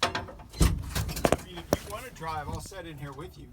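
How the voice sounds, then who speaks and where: Patient male instructor, slightly high voice, far from the mic over noisy background. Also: a little slow. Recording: distant phone audio with clear noise.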